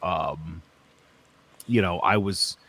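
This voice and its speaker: A man's voice: sits low, vocal fry, sharp tone, husky, no echo. Storytelling man co-hosting a podcast. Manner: storytelling, self-deprecating, quick asides. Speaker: podcast co-host. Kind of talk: casual podcast chat.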